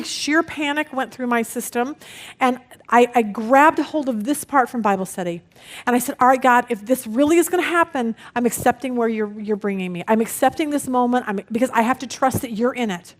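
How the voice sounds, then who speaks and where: Lively woman Bible study teacher. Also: high voice. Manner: lively storytelling, acts out quoted people.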